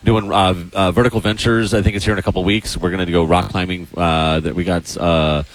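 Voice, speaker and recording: Low-voiced man in easygoing chat. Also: little pitch movement, fairly quick. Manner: easygoing, hesitant with restarts. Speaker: co-host. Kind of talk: casual chat.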